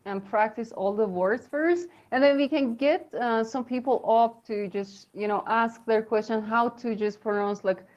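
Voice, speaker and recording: Slow-talking woman teaching pronunciation. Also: on the high side, a little mellow, lo-fi sound. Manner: chatty, encouraging, many fillers and laughs. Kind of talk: live online English lesson.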